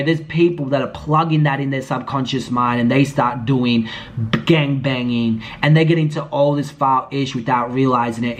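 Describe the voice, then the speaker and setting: A man giving a blunt, indignant commentary vlog, swearing freely as he calls someone out. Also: a little high. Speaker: YouTube commentator.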